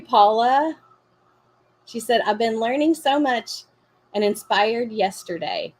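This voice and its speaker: A woman's voice: a little high, sing-song, takes it slowly. A woman hosting a live crafting lesson, chatting encouragingly and thinking aloud as she works. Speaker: craft class host.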